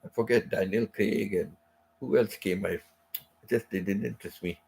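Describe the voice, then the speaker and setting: Deep gravelly-voiced man chatting casually. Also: moderate pace, darkish tone. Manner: rambling, repeats phrases, many "you know" asides. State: unwell, recovering from sickness. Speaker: live stream host. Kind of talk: casual chat.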